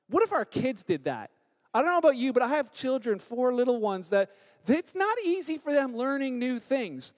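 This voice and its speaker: A man in his thirties preaching a sermon as a pastor, telling stories with animated acted-out quotes. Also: very high-pitched, moderate pace. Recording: long hall reverb.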